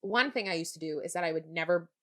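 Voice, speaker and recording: A woman's voice: fairly low pitch, fast. A woman in her twenties co-hosting a podcast, telling stories in a sarcastic, casual way and swearing freely. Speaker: podcast co-host. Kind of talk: casual chat.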